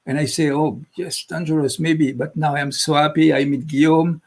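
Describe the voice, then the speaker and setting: This is a French-accented man speaking English as a second language in a casual live chat. His voice is gravelly and husky. He speaks haltingly, pausing to search for words. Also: on the high side, steady tone. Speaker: guest magic inventor.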